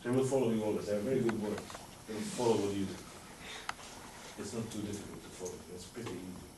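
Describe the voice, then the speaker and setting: A man's voice: fairly low pitch, fairly even intonation, quick pace, background noise. Man coaching a quartet in an echoey room. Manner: coaching with short instructions and praise. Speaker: music teacher. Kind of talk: master class coaching. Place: rehearsal room with a string quartet. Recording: roomy, distant, loud instruments.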